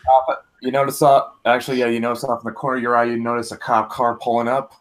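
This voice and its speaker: A relaxed man running a tabletop game as its game master. He talks loosely and casually and laughs easily between his instructions. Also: medium pitch, fast talker. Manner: laid-back, laughs often, says "all right" a lot.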